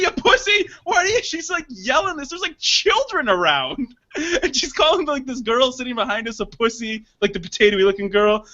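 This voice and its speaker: A man hosting a casual podcast chat, telling an animated story full of laughter and acted-out quotes. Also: high voice. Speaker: podcast host. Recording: dull lo-fi sound.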